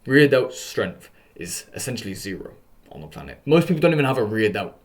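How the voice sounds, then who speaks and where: A young man hosting a self-improvement vlog, coaching viewers through posture exercises in a casual, energetic way. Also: on the low side, fairly quick.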